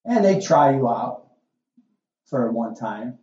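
A man's voice: mid-range voice, big pitch swings, slow pace, warm tone, roomy sound, highs cut off. A middle-aged male pastor preaching a sermon in a folksy, conversational way, full of asides and rhetorical questions.

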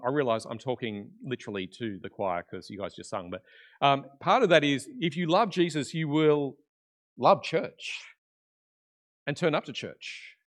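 A man preaching a conversational sermon in church, swinging between loud emphasis and quiet, intimate asides. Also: medium pitch. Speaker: pastor.

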